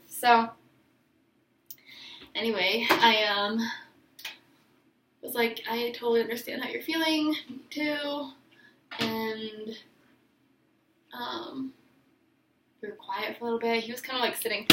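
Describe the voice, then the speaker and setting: A young woman vlogger with a higher voice rambles through an emotional personal story, full of fillers and false starts. She's far from the mic in an echoey room, and the recording is very noisy.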